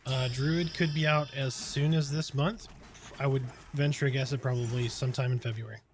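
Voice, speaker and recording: A man of middle pitch talks easily on a live game stream, greeting viewers and answering chat between moves. His delivery is relaxed and chatty even while he focuses on the game. A faint background hum sits under his close desk mic. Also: moderate pace.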